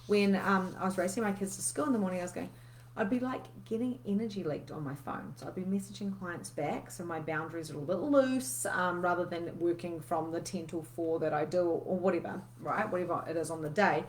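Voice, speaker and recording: A woman's voice: lowish voice, fairly quick, slight background noise. A woman, coaching in a casual, candid live session where she swears freely and reads out viewer comments.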